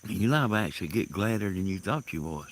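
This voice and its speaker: A man telling rambling stories in a casual monologue, halting and laughing loudly at his own tales, recorded outdoors in the countryside. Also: low voice, lively intonation, slight background noise. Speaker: host. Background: crickets and insects.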